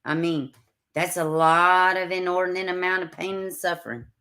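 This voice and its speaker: Blunt, indignant woman streamer. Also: moderate pace. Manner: blunt and swearing, greets chat viewers by name; indignant, swings between loud outbursts and low mutters. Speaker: true crime livestream host. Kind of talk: casual livestream commentary.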